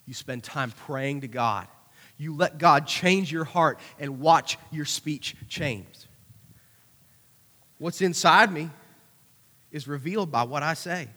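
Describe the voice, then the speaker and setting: A man preaching a conversational youth sermon, animated, with acted-out asides. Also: on the high side, slow, pauses often. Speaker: youth pastor. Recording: hall reverb.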